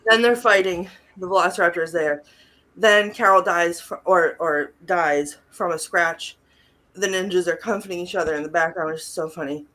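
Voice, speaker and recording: A woman's voice: on the low side, moderate pace, a bit bright. Giggly woman recapping a movie. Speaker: podcast co-host. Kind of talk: casual movie-recap chat.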